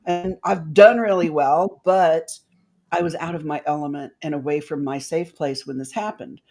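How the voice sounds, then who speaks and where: A woman's voice: low voice, steady tone, moderate pace, a little mellow. A woman guest on a talk show, telling an emotional personal story and acting out the voices of the people in it.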